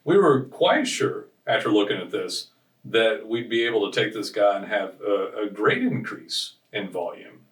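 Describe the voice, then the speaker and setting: On the low side and animated, this man speaks at a moderate pace while co-hosting a business podcast. His stories are rambling and casual, full of restarts, and because he's recorded from a distance the audio sounds roomy and off-mic.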